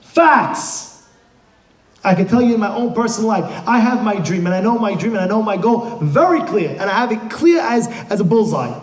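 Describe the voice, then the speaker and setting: A rabbi with a very high-pitched voice preaches to a live audience. He is emphatic, sinking into quiet asides and then rising to shouted rhetorical questions. The sound carries a strong room echo. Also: lively intonation, normal speed. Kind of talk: motivational sermon. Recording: echoey room.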